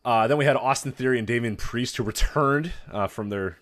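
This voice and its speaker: A man's voice: medium pitch, brisk, fairly bright tone, dry recording, clean studio sound. A man co-hosting a wrestling podcast, recapping matches in rambling casual chat and laughing often. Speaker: podcast co-host.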